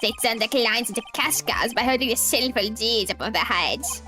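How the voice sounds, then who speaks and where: A woman's voice: fairly high pitch, moderate pace, sharp tone, soft background music, voice pushed down. A woman voicing a smug, two-faced male celebrity villain who gloats over his crimes with a sneering delivery.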